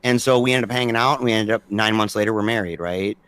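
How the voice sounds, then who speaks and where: A man's voice: lowish voice, fast, fairly bright tone, clean tone, dry recording. A man in his forties, a podcast guest telling stories casually and acting out quoted dialogue with animation. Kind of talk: casual storytelling conversation.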